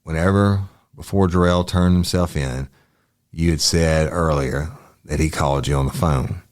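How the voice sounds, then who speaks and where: A man's voice: extremely low pitch, normal speed. A man reading the part of a male detective plainly questioning a witness.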